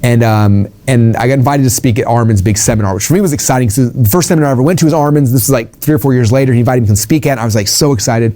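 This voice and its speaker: A middle-aged man telling a story to an audience and teaching sales presentations, rapid and full of fillers, acting out the dialogue he quotes. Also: mid-range voice, warm tone.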